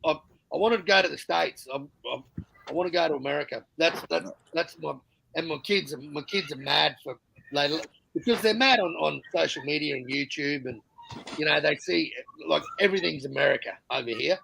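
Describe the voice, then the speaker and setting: A man's voice: on the high side, fairly quick, creaky, bright, forceful tone, a little hiss or hum, low-quality recording. A man with an Australian accent in casual chat, rambling and laid-back, swearing freely. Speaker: panel guest.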